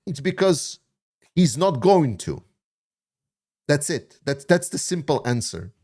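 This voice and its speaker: A man's voice: on the high side, sing-song, slow pace, darkish tone. A man hosting a livestream, answering viewer questions in a blunt, opinionated way with many fillers. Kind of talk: casual livestream chat.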